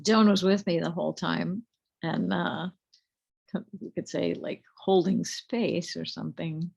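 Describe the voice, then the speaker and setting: A middle-aged woman slowly telling a personal spiritual story, halting, with many fillers and restarts. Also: fairly low pitch, fairly even intonation, gravelly, darkish tone, breathy edge, lo-fi sound. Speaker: group leader telling her spiritual story.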